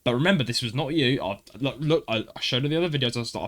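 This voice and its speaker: Male podcast host, bright and lively storyteller, quick to act out the dialogue. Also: a little high. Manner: animated, acts out dialogue, frequent "I was like" asides. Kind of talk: casual storytelling.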